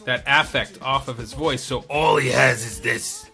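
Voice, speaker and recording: A man co-hosting a casual movie podcast, relaxed as he recaps plots and laughs along. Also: mid-range voice, moderate pace, creaky. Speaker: podcast co-host.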